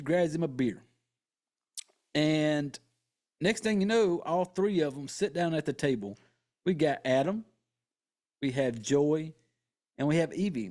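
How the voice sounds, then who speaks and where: A man with a somewhat high voice tells a movie's story on his podcast in a loose, casual way. He swears freely and stays excitable, slipping into characters' lines as he goes. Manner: acts out characters' lines in quotes. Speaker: podcast host.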